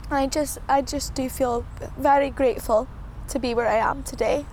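Young woman, high voice, earnest, reflective, faint noise behind. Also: fairly even intonation, normal speed, a little mellow. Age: 20s. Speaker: interviewee. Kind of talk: recorded interview.

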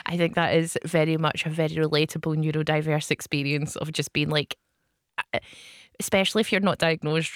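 A woman's voice: on the low side, no echo, clean studio sound. A woman co-hosting a radio show in casual chat, self-mocking and laughing often. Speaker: radio co-host.

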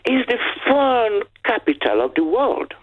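A caller in their sixties, telling stories in an animated way on a radio phone-in. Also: medium pitch, a little slow. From Nigeria. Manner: animated storytelling. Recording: tinny phone line.

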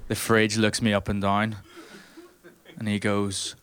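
A man's voice: on the low side, monotone, unhurried, a bit bright, clean tone. A man performing a stand-up comedy set, telling a story with acted-out voices and bantering with the crowd in a small room.

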